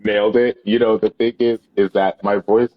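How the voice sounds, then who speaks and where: A man guest on a podcast, an actor and singer with a low, easygoing voice. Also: flat delivery, moderate pace, highs cut off. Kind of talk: podcast interview.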